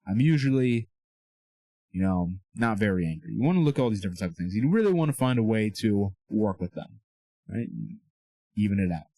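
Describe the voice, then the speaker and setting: A young man with a lowish, animated voice and a warm tone talks fairly quickly about faith and self-improvement in a small room with a whiteboard, with no room sound. This Christian self-improvement speaker keeps things casual and earnest, coaching his listeners and checking in with "okay?" and "all right?"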